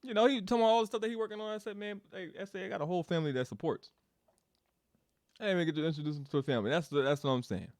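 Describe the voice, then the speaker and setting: A man giving a casual developer update, telling a story in an animated, ranting way, laughing often and swearing. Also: high-pitched, very fast, no room sound.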